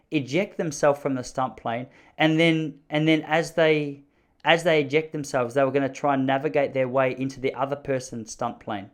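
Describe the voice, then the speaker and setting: Wry rambling Australian man. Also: on the high side. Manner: rambling, wry, riffs with mock dialogue. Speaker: podcast host. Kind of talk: solo casual monologue.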